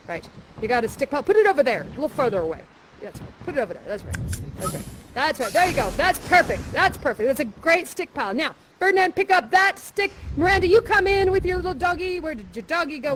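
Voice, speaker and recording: A young woman guiding players through interactive live theater, playful and theatrical, coaching them with a steady stream of "that's right.". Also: high voice, a little hiss or hum.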